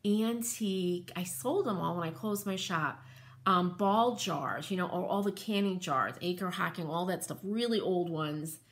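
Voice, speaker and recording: A woman hosting a craft channel, chatting casually and gushing with enthusiasm while rambling through asides. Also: lowish voice. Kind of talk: casual show-and-tell chat.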